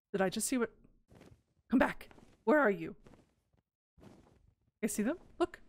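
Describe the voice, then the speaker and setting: A fairly high-pitched woman hosts a gaming let's play with casual commentary. She's excitable, quick to gasp and squeal whenever cute creatures appear.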